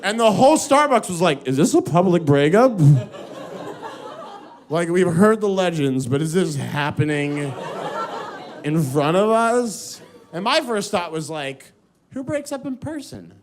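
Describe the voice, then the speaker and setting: A man doing a stand-up comedy set, animated and quick to stumble into filler restarts. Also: high-pitched. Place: comedy stage before a live audience. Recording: live set with audience crowd noise.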